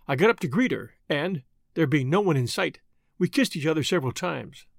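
A man reading a novel aloud as first-person storyteller, in a steady narrating manner. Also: fairly high pitch, brisk, creaky, dry recording, clean studio sound. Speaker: audiobook narrator.

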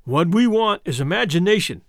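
A resolute patrolman speaking calm and firm, his voice bright and lively in pitch, as a male narrator reads him. It sounds close and dry. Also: moderate pace, no echo. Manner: calm and firm, turning hushed in tense moments. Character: steady, determined male fish patrolman.

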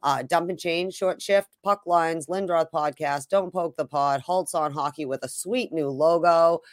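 A woman's voice: low voice, a little slow, no echo, clean studio sound. A woman co-hosting a sports podcast in casual chat, teasing and joking with her partner. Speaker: podcast co-host.

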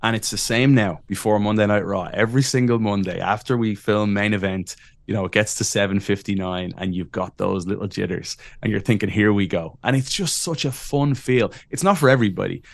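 A man in his thirties with an Irish accent, a podcast guest telling lively, self-deprecating stories and laughing often. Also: lowish voice, a little fast, gravelly, no room sound. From Ireland. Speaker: podcast guest, wrestling announcer. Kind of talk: casual interview storytelling.

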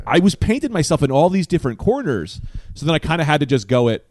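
A man's voice: on the high side, very animated, fast talker, a little mellow. A male comedian telling a story on a podcast in a self-deprecating way.

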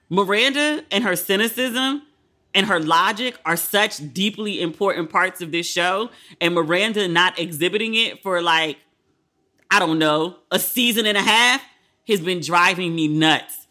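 A man's voice: high-pitched, normal speed, sharp tone. A man hosting his own podcast, talking candidly and animatedly in casual solo commentary, with frank, profane asides. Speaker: podcast host.

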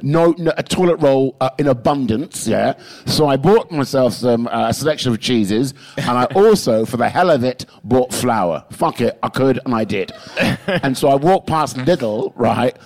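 A male comedian, telling lively, swearing stories in a podcast chat. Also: moderate pace. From England. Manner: animated, swearing, pitch jumping high for emphasis. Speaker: guest comedian. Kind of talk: comic storytelling in a podcast chat.

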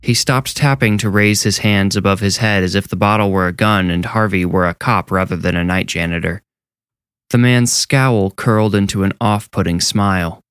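Deep-voiced man narrating a horror story. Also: clean tone, dry recording, studio quality. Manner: measured, steady storytelling. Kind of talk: scripted narration.

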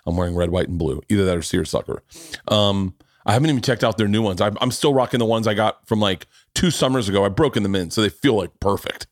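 A man's voice: lowish voice, quick pace, no echo, studio quality. A middle-aged man hosting a podcast who tells stories in a casual, profane way and also reads ads. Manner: animated, profane storytelling. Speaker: podcast host. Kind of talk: casual chat and ad read.

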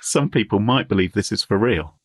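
A husky man co-hosting a podcast, his low voice moving in lively swings of pitch. He chats easily and laughs often, recorded in a dry, close way. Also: no echo. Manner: chatty, quick to laugh. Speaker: podcast co-host. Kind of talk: casual chat.

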